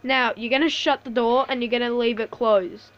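Woman, gameplay commentary, high voice, slow-talking, swears and laughs a lot, slightly muffled recording. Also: soft background music. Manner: swears a lot, laughs often, excitable reactions. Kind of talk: casual live commentary over gameplay.

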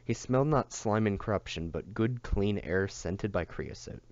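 Low-voiced man reading a novel aloud. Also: moderate pace, darkish tone, dull audio. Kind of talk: audiobook reading.

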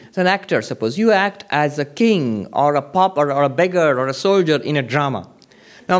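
A man with a notably high voice teaches at a meditation retreat. He speaks emphatically, repeating key points and asking questions of his listeners before answering them himself. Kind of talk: spiritual lecture. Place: retreat hall before an audience.

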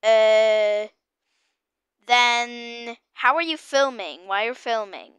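A woman with a high, bright voice talks through a game with excitable, panicky commentary and keeps repeating her exclamations. Her delivery is very slow and drawn out, and the recording sounds dry and close. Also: clear, resonant tone, dry recording. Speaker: gamer.

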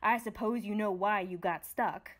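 A woman voicing a gruff, impatient male watchdog with an alarm-clock body in a storybook reading. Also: medium pitch, normal speed, natural voice. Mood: stern. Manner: growling, impatient, scolding.

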